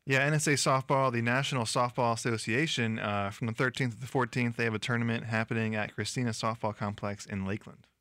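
A man's voice: mid-range voice, steady tone, fairly bright tone, no room sound, studio quality. A man co-hosting a sports talk show, asking curious questions and reading event details. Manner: quick, curious, asks questions. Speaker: co-host. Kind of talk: casual studio chat.

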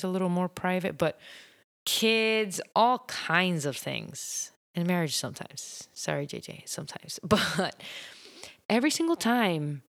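A woman in her thirties talks through her thoughts on a solo podcast. Her voice sits low and her delivery is chatty, full of fillers and easy laughter. The sound is dry and close, with no room around it. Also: no echo. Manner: warm, chatty, laughs often, many fillers. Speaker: podcast host. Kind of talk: casual solo podcast talk.

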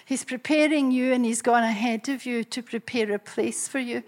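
Woman preaching with animated storytelling. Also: fairly high pitch, measured pace. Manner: animated and breathy, laughing often. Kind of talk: storytelling sermon.

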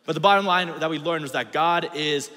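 A young male youth pastor gives a sermon with a relaxed, slangy delivery and keeps calling on the students to repeat phrases after him. His voice sits a little high for a man. The sound carries a long reverb, like a big church hall. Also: brisk. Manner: casual slangy, call-and-response with audience.

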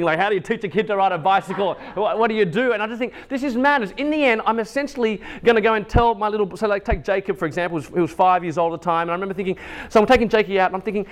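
A man in his thirties giving a chapel sermon, telling a family story and acting out the voices in it. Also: quick pace. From Asian heritage. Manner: animated, acts out quotes in higher pitch. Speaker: chapel speaker.

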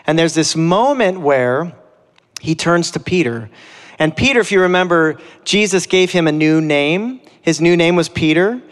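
A man's voice: a little high, animated, normal speed. Earnest preaching man in a hall. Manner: earnest, conversational preaching with dramatic scripture readings. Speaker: pastor. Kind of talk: sermon.

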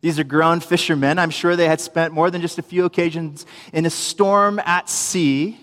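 Young male preacher with a high voice, animated storyteller, long room echo. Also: normal speed. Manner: storytelling, animated, acts out quotes, humorous asides. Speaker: preacher, youth minister. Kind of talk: sermon.

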